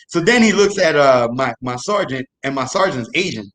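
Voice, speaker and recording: A man's voice: on the high side, moderate pace, hardly any pauses. A young man telling a true story on a live show, casual and laughing through it. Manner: laughs through his story, animated asides. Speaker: guest storyteller.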